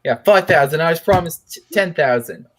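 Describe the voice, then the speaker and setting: A man's voice: a little high, lively intonation, fairly quick. Swearing male tabletop player. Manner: crude, swears a lot. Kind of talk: casual tabletop chat.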